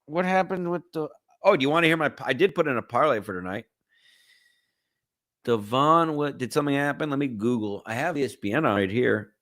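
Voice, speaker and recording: A man's voice: mid-range voice, a little fast, a bit bright, no echo, studio quality. Crude rambling male podcast host. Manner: crude, rambling, joking banter with chat. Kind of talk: livestream chat reading.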